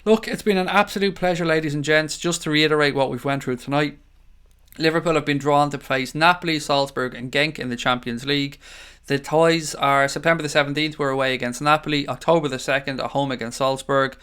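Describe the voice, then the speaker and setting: A man's voice: on the high side, fairly even intonation, a little fast, a bit bright, smooth. Chatty Irish man hosting a stream. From Ireland. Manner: chatty, rambling, calls viewers mate. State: tired. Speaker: livestream host. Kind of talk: casual live stream chat reading comments.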